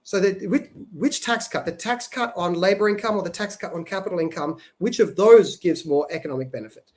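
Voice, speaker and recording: This man talks in a noticeably high voice as he co-hosts a policy podcast. He explains the economics at length in a casual, conversational way and keeps tagging his points with "right?". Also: brisk, a little mellow. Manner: explanatory, frequent "right?" tag questions. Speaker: podcast co-host.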